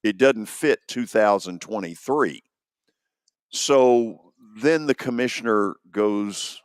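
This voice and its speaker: A man's voice: fairly low pitch, slow, clear, resonant tone, no echo, clean studio sound. A man hosting sports radio, making his points emphatically and acting out what others might say. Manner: emphatic, acts out quotes. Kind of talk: opinionated sports talk.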